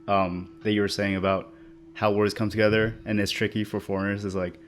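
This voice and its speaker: A man's voice: on the low side, level tone, fairly quick, a little hiss or hum. A man hosting a podcast, asking questions casually with lots of fillers. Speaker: podcast host.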